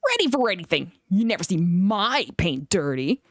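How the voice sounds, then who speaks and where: A woman's voice: mid-range voice, very animated, normal speed, dry recording, clean studio sound. A woman voicing a proud, vain male steam engine who speaks loftily and grumbles. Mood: lofty. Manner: lofty, grumbling.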